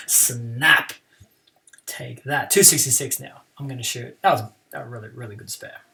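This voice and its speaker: A man talks casually through a live game stream, chatty and relaxed, ribbing his opponent in a playful way. His voice sits at an ordinary middle pitch and sounds a little distant from the microphone. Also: moderate pace, creaky. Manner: chatty, playful trash talk.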